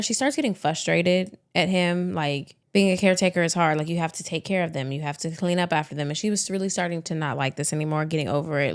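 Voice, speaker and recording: A woman's voice: lowish voice, creaky. A woman co-hosting a podcast, riffing and storytelling in a slangy, playful true-crime chat. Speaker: podcast co-host.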